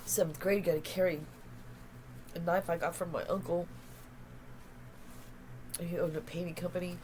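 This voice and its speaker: A woman's voice: on the low side, steady tone, moderate pace, darkish tone, a little hiss or hum, rough recording. A woman in her fifties, tearful, talking in a raw, emotional, confessional vlog and swearing freely. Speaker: spiritual channeler and vlogger.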